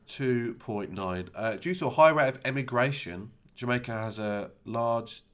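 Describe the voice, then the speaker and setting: A man's voice: mid-range voice, unhurried. A man co-hosting a casual podcast chat, dry and matter-of-fact. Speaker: podcast co-host.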